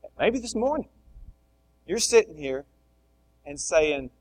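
A middle-aged man delivering a sermon in a slightly raised pitch. He is animated, pushing some phrases out loudly and dropping others to near-quiet asides. The preaching moves between those two levels throughout. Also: measured pace, long pauses, poor audio. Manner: animated, swings between loud emphasis and soft asides. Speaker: pastor.

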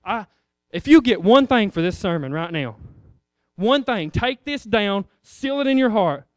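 High, clear-voiced male preacher. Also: very animated, unhurried, dry recording, clean studio sound. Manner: emphatic, repetitive preaching with acted-out voices. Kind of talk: sermon.

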